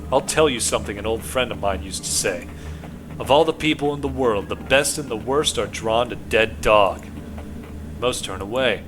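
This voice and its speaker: A man voicing a gruff male police detective who needles a suspect and bursts into shouted threats, with game music behind. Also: medium pitch, natural voice.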